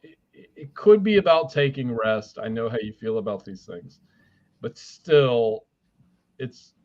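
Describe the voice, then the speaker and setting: A man's voice: mid-range voice, sing-song, unhurried, a little mellow. Brief: male spiritual reader, blunt and profane, rambling delivery, muffled stream audio. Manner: blunt, swears casually, rambling restarts. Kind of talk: live spiritual reading.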